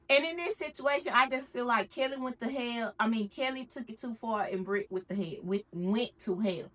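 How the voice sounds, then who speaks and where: A woman's voice: on the high side, normal speed, few pauses. A woman chatting casually and with opinions while recapping reality TV at home, cooking in her kitchen. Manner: chatty, animated, slangy and opinionated. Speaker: recap vlogger.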